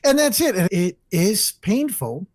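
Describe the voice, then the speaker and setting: Brief: lively, foul-mouthed man riffing on wrestling promos, dry close sound. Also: high voice, a little slow, no echo. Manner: profane, animated, acts out wrestlers' lines. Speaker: co-host. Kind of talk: casual wrestling podcast chat.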